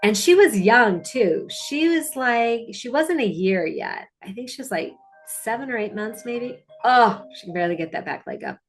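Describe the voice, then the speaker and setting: A woman's voice: a little high, animated, normal speed, faint music behind. A woman dog trainer narrating her video clips in a casual, chatty, upbeat way, with fillers and asides.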